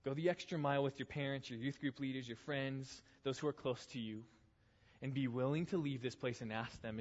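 A man preaches a youth sermon in a church hall, earnest and building through repeated phrases before falling quiet. His voice sits at an ordinary pitch, and the lo-fi recording carries a long hall reverb. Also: brisk. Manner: earnest, builds intensity in repeated phrases then drops soft. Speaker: youth pastor. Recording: echoey hall, dull lo-fi sound.

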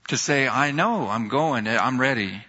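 A man on a church's staff preaching a sermon, telling stories earnestly and slowing down when he reads scripture. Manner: earnest, storytelling, rises in pitch when excited, slows for scripture. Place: church sanctuary. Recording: dull sound in a reverberant hall.

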